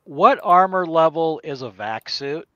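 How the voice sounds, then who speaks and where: Higher-voiced male player on a dull mic. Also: lively intonation, sharp tone, dry recording. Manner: questioning, quick to agree. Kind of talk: casual tabletop game chat.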